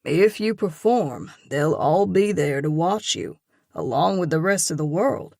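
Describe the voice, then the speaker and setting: A woman reading an audiobook and voicing a grounded young man who talks in a calm, encouraging, lightly teasing way. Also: deep voice, a little slow, gravelly, dry recording, studio quality, full character voice. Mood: coaxing. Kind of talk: audiobook dialogue.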